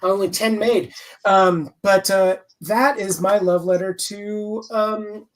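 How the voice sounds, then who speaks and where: A man's voice: high voice, steady tone, slow pace, far from the mic, poor audio. Rambling, cursing man in his fifties. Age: 50s. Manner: rambling, candid, swears freely. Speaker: comics writer guest. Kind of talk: casual interview chat.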